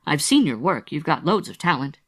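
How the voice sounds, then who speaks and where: A man's voice: fairly high pitch, sing-song, brisk, pitched above the performer's own voice. A man voicing an earnest young woman who is apologetic and reassuring in an audiobook reading.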